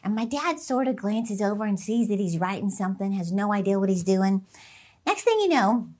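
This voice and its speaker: A middle-aged woman hosting a motivational talk, an excitable storyteller who laughs often. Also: mid-range voice, moderate pace. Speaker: inspirational speaker and channel host.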